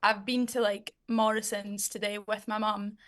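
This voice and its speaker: A woman's voice: mid-range voice, moderate pace. A young woman with a Scottish accent, a singer chatting casually as an interview guest. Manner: relaxed, chatty, uses fillers like "um" and "like".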